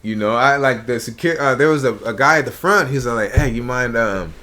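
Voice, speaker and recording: This comedian, a guest on a podcast, has a brisk, mid-range voice. Telling stories in a relaxed studio chat, he animatedly acts out what people said.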